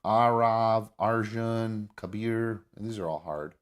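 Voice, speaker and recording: A man hosting a casual talk show, rambling and swearing freely as he thinks out loud. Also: fairly low pitch, slow, smooth. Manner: rambling, profane, restarts. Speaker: host. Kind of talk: casual chat.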